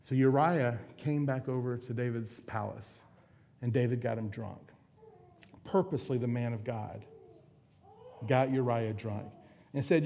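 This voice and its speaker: A man's voice: mid-range voice, unhurried, vocal fry, pauses often, warm tone. A man preaching a sermon, retelling a story in a casual, conversational way. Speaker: pastor.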